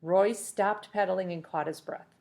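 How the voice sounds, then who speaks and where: A woman's voice: lowish voice, moderate pace, creaky. Woman reading a chapter book aloud. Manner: expressive reading with small self-corrections.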